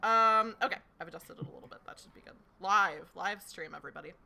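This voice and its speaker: A woman's voice: mid-range voice, fast, creaky, sharp tone. A woman narrating as game master of a tabletop game, chatty and giggly, with many fillers, on a home microphone.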